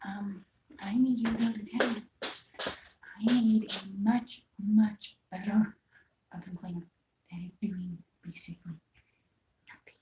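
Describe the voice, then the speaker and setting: Host's wife, off-mic from a distance, slow matter-of-fact delivery. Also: female voice, mid-range voice, fairly even intonation. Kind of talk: casual off-mic chat. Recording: distant voice with background noise.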